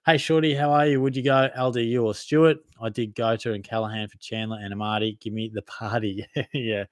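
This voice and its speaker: A young fantasy football podcast host with an Australian accent talks fairly quickly in a steady, medium-pitched voice. He runs a live Q&A, reading viewer comments and replying casually and matily, frequently laughing at himself, with studio-quality audio and no echo.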